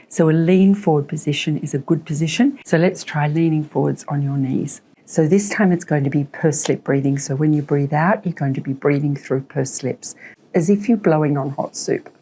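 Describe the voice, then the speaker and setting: A woman health professional calmly guiding a patient through breathing exercises with encouraging instructions. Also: sits low, breathy edge. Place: clinic room.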